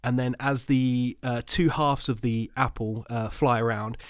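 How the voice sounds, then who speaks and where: A man playing a tabletop game, describing his character's actions hesitantly with many pauses. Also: mid-range voice, fairly even intonation, no room sound, studio quality. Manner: hesitant, many ums and restarts. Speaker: player. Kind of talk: casual tabletop play.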